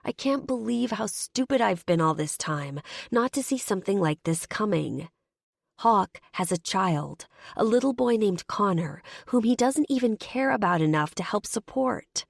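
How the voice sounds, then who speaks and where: A woman narrating a first-person audiobook in a steady, measured reading voice. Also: medium pitch, vocal fry, no room sound, clean studio sound.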